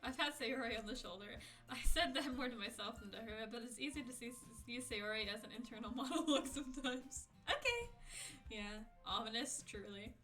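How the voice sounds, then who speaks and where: A woman's voice: a little high, lively intonation, brisk, bright, forceful tone, faint music behind. A woman streamer giving chatty let's-play commentary and laughing often.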